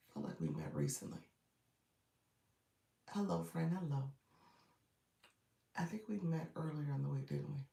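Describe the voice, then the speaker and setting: Woman coach on a livestream, raspy morning voice, encouraging, echoey room, mic kinda far. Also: low voice, huge pitch swings, moderate pace, long pauses, mellow. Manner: chatty, encouraging, greets viewers by name. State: groggy morning voice. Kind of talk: casual livestream chat with viewers.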